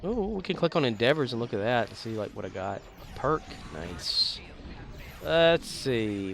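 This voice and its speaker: A man gives loose, joking commentary while he plays a game, with crude asides. His voice is gravelly and swings lively up and down, over a faint hiss of room noise. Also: medium pitch, a little slow. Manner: rambling, joking, profane asides. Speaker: game streamer. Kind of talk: casual gaming commentary.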